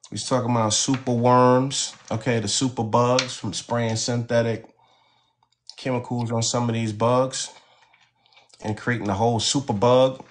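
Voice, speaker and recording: A man hosting a casual live-stream chat about gardening, folksy and preachy, with "you know" at every turn. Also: fairly low pitch. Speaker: host.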